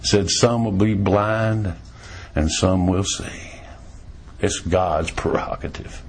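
A man preaching a sermon in a folksy, storytelling way, swinging between emphatic raised lines and low, quiet ones. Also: slow pace, a little hiss or hum.

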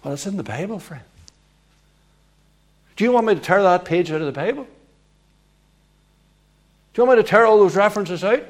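A man preaching a sermon, emphatic and repetitive, swinging from hushed passages to loud ones. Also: high voice, expressive, fairly quick, pauses often.

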